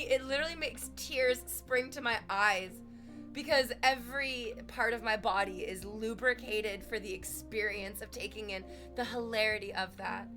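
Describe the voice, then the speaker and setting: A woman's voice: fairly high pitch, normal speed, sharp tone, soft background music. A young woman streamer chatting casually, rambling and profane, quoting comedy bits between laughs. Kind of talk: casual live-stream chat.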